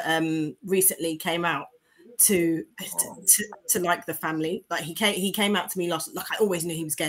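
A woman's voice: on the low side, sharp tone. Rambling woman co-host. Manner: rambling, filler-heavy, heartfelt. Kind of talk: casual chat.

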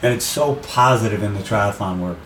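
A man speaking as an interview guest in casual conversation, animated, acting out quoted voices as he tells stories. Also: fairly low pitch, moderate pace, roomy sound, distant mic, slight background noise, low-quality recording. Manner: animated storyteller, acts out quotes. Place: outdoors by the sea.

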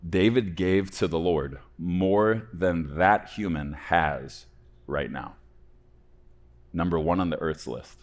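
Casting note: young male pastor, lowish voice, sermon delivery that rises to loud peaks and falls to hushed endings. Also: slow.

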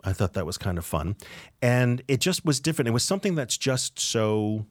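A man's voice: medium pitch, big pitch swings, normal speed, no room sound, studio quality. A man from South Coast New England co-hosting a food podcast, chatting with enthusiasm and explaining things. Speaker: podcast co-host. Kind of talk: casual food podcast chat.

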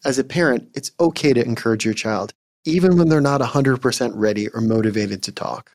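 A male psychologist with a medium-pitched voice hosts a podcast, giving scripted parenting advice. He speaks in a calm, measured, gently instructive way.

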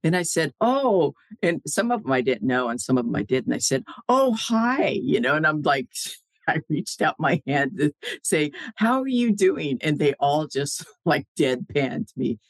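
A woman's voice: a bass voice, normal speed, no room sound. A woman guest in a casual chat, telling stories with lots of laughter and acting out what people said. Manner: animated storyteller, laughs often, acts out quoted dialogue.

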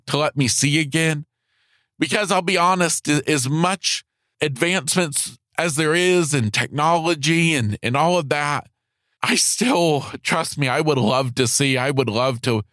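A man hosting a podcast, telling a heartfelt personal faith testimony in a halting way, often repeating his words. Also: on the high side, fairly bright tone, dry recording, clean studio sound. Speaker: podcast host.

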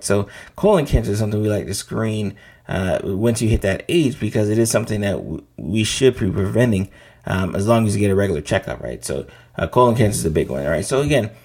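A man's voice: fairly low pitch, a little mellow. A middle-aged man, a physician hosting a show, explaining checkups in a casual, conversational way, tagging lines with "right?". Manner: conversational, frequent "right?" asides. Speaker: physician host. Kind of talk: casual educational talk.

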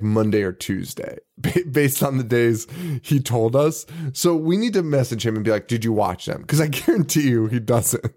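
A man's voice: medium pitch, darkish tone. Laughing, foul-mouthed male podcast co-host. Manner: laughs often, swears, acts out quotes. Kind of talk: casual movie recap chat.

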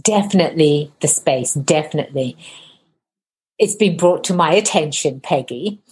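A woman hosting a podcast interview, talking quickly and enthusiastically in a casual, effusive way. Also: low-pitched, expressive, darkish tone. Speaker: podcast host.

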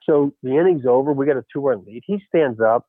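A former baseball coach telling a lively story in a radio interview, peppering his talk with "you know" and "right?". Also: medium pitch, fairly quick, no room sound. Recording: tinny phone line.

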